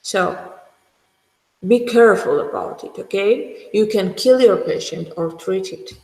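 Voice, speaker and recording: A woman with a Georgian accent giving a medical school lecture, speaking slowly and emphatically and often checking in with her students. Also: medium pitch, vocal fry, a little mellow. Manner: slow, emphatic, frequent checks with the class. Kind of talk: university lecture. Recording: echoey hall, roomy reverb.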